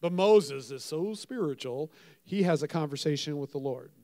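Male pastor, sermon, high voice, animated storytelling, dramatic volume swings. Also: moderate pace.

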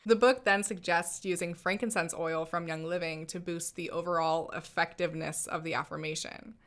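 A woman's voice: on the low side, fairly even intonation, normal speed, a bit bright. A woman hosting a commentary channel, narrating a scripted critique in a wry, skeptical manner.

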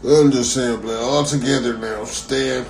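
A man's voice: medium pitch, unhurried, slight background noise. A man delivering a profane, mocking comedic rant, repeating himself for laughs. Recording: echoey room.

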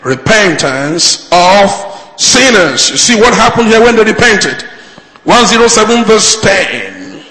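A male pastor preaching a fervent sermon, moving from shouted appeals to low, pleading lines. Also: sing-song, slow pace, reverberant, big-room sound, rough recording.

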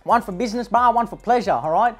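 A woman's voice: on the high side, fast talker, soft background music, close to an everyday voice. A woman playing a brash young male eshay with an Australian accent, slangy and boastful, tagging every line with "bruh" and "lad", in a comic parody vlog. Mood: cocky. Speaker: comedy parody host.

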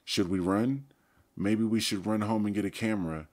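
A man doing an excitable teenage boy. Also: deep voice, normal speed. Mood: excited.

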